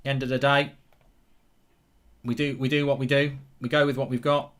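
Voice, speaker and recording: Brief: excitable football watchalong host from England, bright and punchy, rambling. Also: male voice, medium pitch, moderate pace. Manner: excitable, rambling, reads viewer comments aloud. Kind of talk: live football watchalong commentary.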